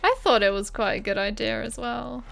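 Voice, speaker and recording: A woman's voice: fairly high pitch, fairly even intonation, moderate pace, gravelly. A woman streaming a game, reading quest text aloud in character voices and chatting casually with her viewers.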